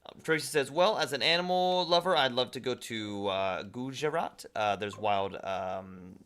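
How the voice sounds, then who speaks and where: A man's voice: medium pitch, moderate pace, a bit bright, clear, resonant tone. A young man streaming a game, reading viewer messages aloud and chatting back casually. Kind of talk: casual live-stream chat.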